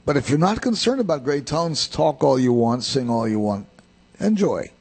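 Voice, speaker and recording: A man's voice: medium pitch, sing-song, moderate pace, a little mellow, slightly rough. An older man giving a rambling, plain-spoken voice lesson, drifting into anecdotes. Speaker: voice teacher.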